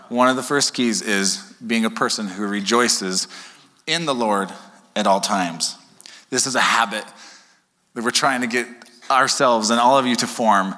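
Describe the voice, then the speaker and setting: A male pastor preaching a sermon to his congregation in a conversational way, often checking in with "okay?" and joking with the crowd. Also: medium pitch. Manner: conversational, keeps asking "okay?"; animated, jokes with congregation. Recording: long hall reverb.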